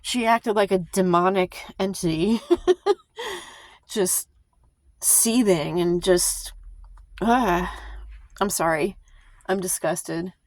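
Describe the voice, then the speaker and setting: A woman's voice: lowish voice, expressive, slow, long pauses, no room sound. A woman vlogging a heated, emphatic commentary, sighing and restarting her sentences as she talks. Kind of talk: impassioned casual commentary to camera.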